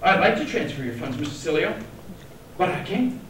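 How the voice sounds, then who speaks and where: A man's voice: high-pitched, very animated, a little fast, fairly bright tone, a little hiss or hum, voice pushed up. A man voicing a fiery southern woman bank teller in an overdone mock drawl, heard from far off in an echoey hall. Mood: polite.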